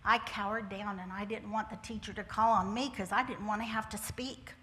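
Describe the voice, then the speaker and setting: A woman's voice: medium pitch, steady tone, fairly quick, a bit bright, slight background noise. An older woman sharing her personal testimony with a congregation, folksy and humorous, with homespun turns of phrase. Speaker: church speaker sharing testimony. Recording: church hall with long reverb.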